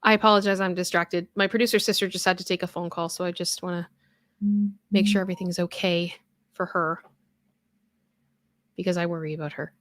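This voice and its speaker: A woman's voice: fairly low pitch, steady tone, brisk, pauses often, a bit bright, dry recording. A young adult woman hosting a casual live stream, reading viewer comments and chatting in a rambling way with many fillers and restarts.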